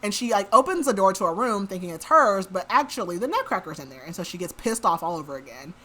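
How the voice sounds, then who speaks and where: A woman with a bright, forward voice talks through a book's plot on her podcast. Her delivery is loose and conversational, packed with "like" and quick asides. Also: mid-range voice, big pitch swings. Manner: chatty, says "like" a lot. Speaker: podcast host. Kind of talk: casual book recap.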